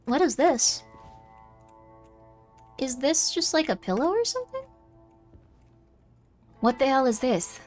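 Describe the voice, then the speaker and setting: Speaking slowly with frequent pauses, a young woman with a high, slightly mellow voice and big pitch swings streams a game over soft background music. She chats casually with viewers, reacts to chat aloud, and mutters to herself while playing.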